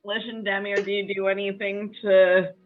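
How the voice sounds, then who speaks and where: A woman narrating as game master in a tabletop game, unhurried with fillers. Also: medium pitch, little pitch movement, soft background music. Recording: thin phone-like voice chat audio.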